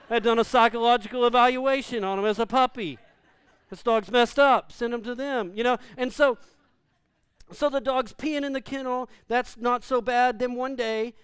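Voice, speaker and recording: A man preaching a humorous sermon, animated and self-deprecating, acting out the quotes in his story. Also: high voice, clean tone, no echo. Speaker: pastor.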